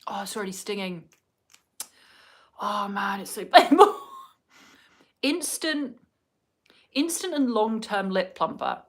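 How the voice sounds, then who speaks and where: At home indoors, a vlogger chats casually with her viewers while doing her makeup, drifting from one topic to the next in a get-ready-with-me style. Her voice is fairly low and a bit bright, with a little hiss or hum underneath.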